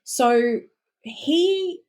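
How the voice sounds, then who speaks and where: A woman's voice: high-pitched, lively intonation, extremely slow, a little mellow. An Australian woman, a guest historian, talking in a casual podcast conversation, chatty and full of restarts and asides.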